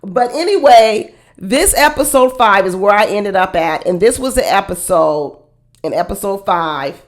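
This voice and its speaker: A woman giving casual, blunt commentary on a reality show, with sassy, animated delivery and frequent laughing asides. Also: medium pitch. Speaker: reality TV reaction host.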